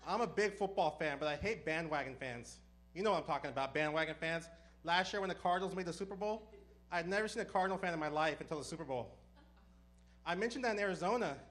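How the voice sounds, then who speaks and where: Fast-talking high-voiced male comedian. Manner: deadpan punchlines, brisk storytelling. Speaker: stand-up comedian. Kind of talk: stand-up comedy set.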